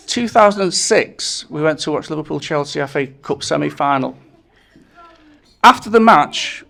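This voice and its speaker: A man's voice: fairly high pitch, a bit bright. A man giving a wedding speech, telling anecdotes and chuckling at his own jokes. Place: wedding reception.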